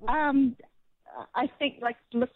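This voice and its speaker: A woman's voice: high-pitched, steady tone, slow. A woman with a French Canadian accent calling in to a radio show, chatting hesitantly and laughing, unsure of herself. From French-speaking Canada. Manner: hesitant, laughing, self-doubting. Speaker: caller. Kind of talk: casual phone chat. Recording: tinny phone line.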